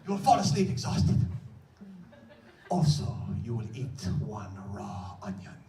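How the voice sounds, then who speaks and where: A man voicing a young, skinny Egyptian store clerk with a heavy accent, speaking slowly and solemnly like a sage. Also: fairly low pitch, big pitch swings, very noisy, pitched below the performer's own voice. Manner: slow, solemn, prophetic. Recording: echoey stage from far off.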